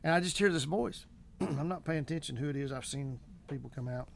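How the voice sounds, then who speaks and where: A middle-aged man with a fairly high voice tells a story in his vlog. He rambles along folksily, with plenty of "uh"s and restarts. A faint hum of noise sits under him. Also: brisk, gravelly. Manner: rambling, folksy, many fillers. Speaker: vlog host. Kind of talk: casual storytelling.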